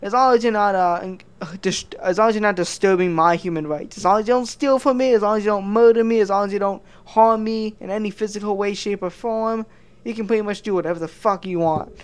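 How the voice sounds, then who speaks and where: A man's voice: high-pitched, fast talker, clear, resonant tone. A man giving heated, crude reaction commentary, stammering through many restarts. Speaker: commentary vlogger.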